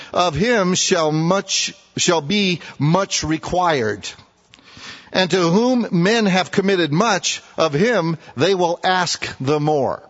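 A man preaching a sermon in a folksy way, acting out scripture characters in casual, everyday voices. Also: sits high. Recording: muffled, echoey hall.

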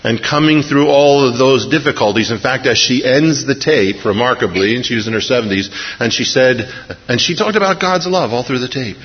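A man preaching a sermon to a congregation, retelling a story earnestly and slowing down to stress key points. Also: medium pitch, expressive, breathy edge. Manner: earnest, storytelling, measured slowdowns for emphasis. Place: church service before a congregation. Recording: long hall reverb, dull lo-fi sound.

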